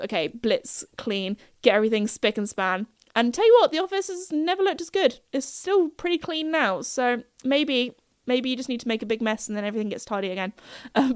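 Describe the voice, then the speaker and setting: A young woman hosts her podcast with a chatty, giggly storytelling manner full of fillers. Her voice sits a little high and comes through smooth and clear, recorded close and dry. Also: no echo. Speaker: podcast host. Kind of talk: casual chat.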